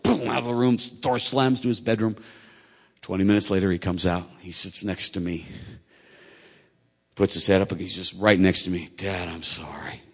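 A middle-aged man preaches with a low, husky voice, telling a personal story with earnest emotion. He builds from quiet, tender passages to loud, pressing peaks. His voice rings with the long reverb of a large hall. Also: fairly even intonation, normal speed, long pauses. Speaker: preacher and track coach.

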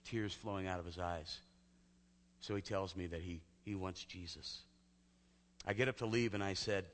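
A male pastor telling a personal story in a sermon, talking conversationally and often dropping to a hushed near-whisper. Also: deep voice, steady tone, normal speed. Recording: long hall reverb.

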